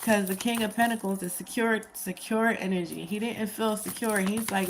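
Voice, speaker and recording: Gravelly-voiced woman giving a chatty tarot reading. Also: medium pitch, fairly even intonation, normal speed, few pauses, background noise. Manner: repetitive, emphatic, chatty; laughs at her own reading. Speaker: tarot reader. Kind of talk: casual tarot reading commentary.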